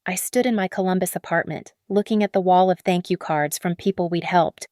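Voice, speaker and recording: A woman narrating a first-person story in a steady, measured way. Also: lowish voice, no echo, studio quality.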